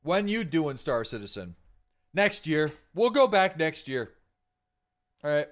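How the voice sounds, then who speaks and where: A man's voice: fairly high pitch, very animated, unhurried. A man streaming a game live, thinking aloud in casual chat, rambling with plenty of fillers.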